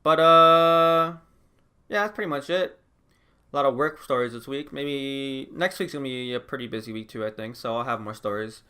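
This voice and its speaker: Chatty young man, bright voice. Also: medium pitch, moderate pace, clear, resonant tone. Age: young adult. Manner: rambling, heavy use of "like", frequent laughs. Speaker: vlogger. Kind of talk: casual chat.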